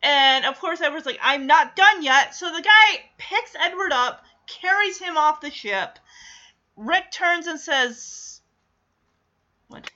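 A chatty, excitable woman hosts a reaction video, casually recapping a scene and laughing as she goes. Her voice is high and bright, and the recording sounds dull and lo-fi. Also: slow.

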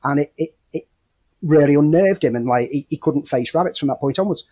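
A man's voice: on the high side, fairly quick, mellow, breathy edge, dry recording. A man co-hosting a film podcast, telling anecdotes in an amused way and often breaking into chuckles. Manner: amused, chuckling, trailing off into laughter. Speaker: podcast co-host. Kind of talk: casual film chat.

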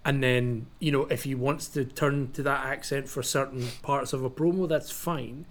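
A man's voice: mid-range voice, steady tone, normal speed. Hesitant man thinking aloud on a podcast. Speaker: podcast co-host. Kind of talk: casual chat.

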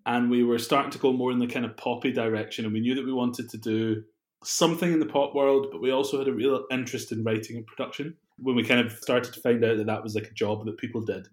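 A man's voice: medium pitch, fast. Guy in his twenties chatting easy, lots of laughs, roomy echo. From Scotland. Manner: relaxed, laughs often, rambling asides. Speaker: guest, music producer. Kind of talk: casual interview chat.

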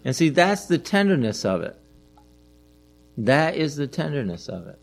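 A man's voice: a little high, big pitch swings, normal speed, gravelly. A middle-aged man preaching a conversational sermon as a pastor, asking the listeners questions and repeating his phrases.

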